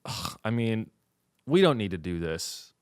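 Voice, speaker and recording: A man's voice: on the low side, sing-song, measured pace, smooth, no room sound, studio quality. A young man hosting a comedy show, ranting in a profane, rambling way and slipping into mocking voices. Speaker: comedy podcast host. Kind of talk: comedic rant.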